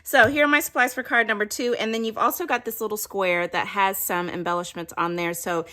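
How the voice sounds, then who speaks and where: A woman's voice: mid-range voice, steady tone, fairly quick, pushed and bright. A woman giving a casual craft tutorial, chatting and explaining each step as she works. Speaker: craft demonstrator.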